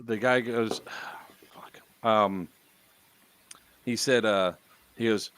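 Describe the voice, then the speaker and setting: A man talks at a medium pitch, casually retelling what happened and swearing freely. He sounds like a podcast host chatting with friends. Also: a little slow, pauses often, a bit bright, no room sound. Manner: storytelling with profanity and laughs.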